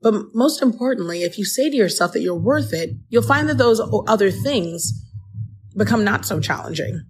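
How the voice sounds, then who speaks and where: A woman's voice: mid-range voice, animated, moderate pace. A woman podcast host telling a personal story in an earnest, encouraging way, speaking straight to the listener as a friend. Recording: music playing underneath.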